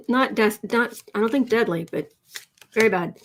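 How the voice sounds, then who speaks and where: A woman hosting a live tarot stream from home, excited and teary, her voice shaky as she chats and laughs. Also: a little high, measured pace, a little hiss or hum. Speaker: tarot reader host. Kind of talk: emotional live-stream chat.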